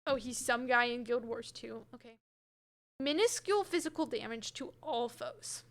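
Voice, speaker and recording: Chatty high-voiced woman streaming a game. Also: moderate pace, gravelly, fairly bright tone. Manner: chatty, hedging, answers chat by name. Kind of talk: casual gameplay chat, reading chat. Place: home room with her cat.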